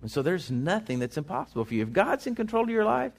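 Animated preacher man. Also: sits high, fast talker, vocal fry. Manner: folksy, animated preaching with many restarts. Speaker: pastor. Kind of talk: sermon.

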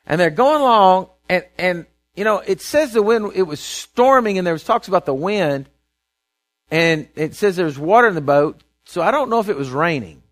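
High-voiced man preaching conversationally. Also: animated, moderate pace. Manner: conversational storytelling, frequent "right?" and "okay?" check-ins, stammered restarts. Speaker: pastor. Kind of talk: sermon.

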